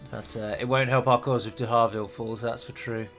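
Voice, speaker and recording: A man's voice: medium pitch, fairly even intonation, fairly quick, a bit bright, faint music behind. A man hosting a strategy game let's play, chatty and rambling, with restarts and the odd dramatic flourish. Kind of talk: game commentary.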